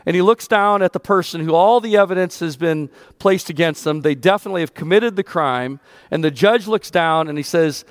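A man's voice: fairly high pitch, a little fast, no room sound, studio quality. A male pastor delivering a sermon in an earnest preaching manner that rises with emphasis.

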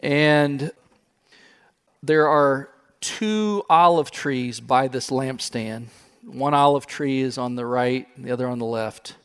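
Older Midwestern pastor, lively telling. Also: male voice, medium pitch, takes it slowly, clear, resonant tone. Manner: animated storytelling, chuckles often. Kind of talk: sermon.

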